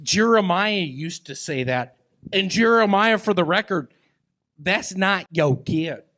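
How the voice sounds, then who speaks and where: A guest comic on a comedy club stage, handheld mic in hand, delivers rambling, absurd stand-up and banter. His voice sits high with a fairly bright, animated tone, yet his delivery drawls along slowly and haltingly.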